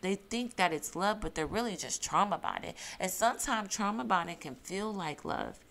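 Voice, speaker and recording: A woman's voice: medium pitch, lively intonation, moderate pace, creaky, a bit bright, slight background noise. A woman giving emphatic reality TV recap commentary, repeating her points and asking her viewers questions. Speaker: YouTube commentator.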